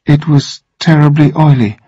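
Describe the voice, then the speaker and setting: A man's voice: on the high side, fairly even intonation, moderate pace, mellow, husky, dry recording, highs cut off. A man voicing a fiery, defiant young woman who speaks sharply and indignantly in a read-aloud story.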